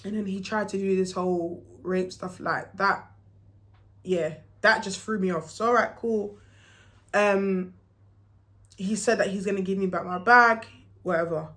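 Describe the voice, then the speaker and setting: A woman's voice: medium pitch, measured pace, pauses often. A young woman, telling a personal story in a casual vlog and acting out what people said. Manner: animated, acts out quoted dialogue, slangy.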